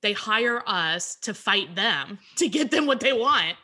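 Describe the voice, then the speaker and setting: A woman's voice: mid-range voice, lively intonation, takes it slowly, bright, forceful tone. A woman co-hosting a casual chat show, blunt and joking in a wry way. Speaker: podcast co-host.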